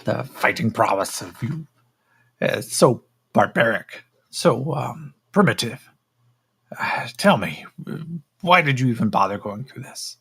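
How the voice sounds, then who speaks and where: A man voicing a cold, condescending chimpanzee-like male alien slaver who speaks slowly and clinically. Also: medium pitch, animated, gravelly, fairly bright tone, husky, full character voice. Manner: slow, clipped, clinical and dismissive.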